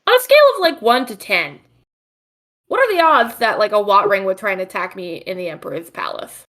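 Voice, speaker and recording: A woman's voice: medium pitch, very animated, brisk, a bit bright. A woman playing a young female adventurer with a lisp, hesitant and searching for words. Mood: questioning.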